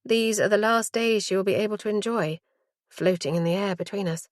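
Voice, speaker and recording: Female audiobook narrator, mid-pitched, measured and hushed, dry studio sound. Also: no echo. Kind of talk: first-person thriller narration.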